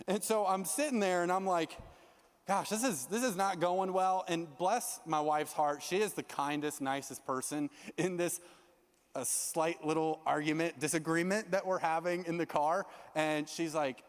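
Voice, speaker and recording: High-voiced young man preaching in a hall. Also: moderate pace. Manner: animated, self-mocking storyteller who acts out his own lines. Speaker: youth pastor. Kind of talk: storytelling youth sermon. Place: large church youth hall. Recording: long reverb of a large hall.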